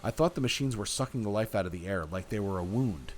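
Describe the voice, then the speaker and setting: A man streaming a text game, reading its narration aloud with relaxed, chatty asides. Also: on the low side, fast talker, slight background noise.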